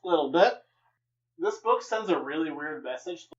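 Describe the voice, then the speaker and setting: Wry young man, fairly high voice. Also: animated, moderate pace, muffled recording. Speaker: podcast co-host. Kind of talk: casual comics podcast chat.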